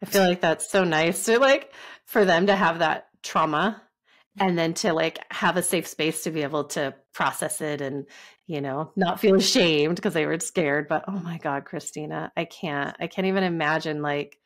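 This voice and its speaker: A woman co-hosting a podcast, talking in expressive casual chat with frequent exclamations. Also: deep voice, normal speed. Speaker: podcast co-host.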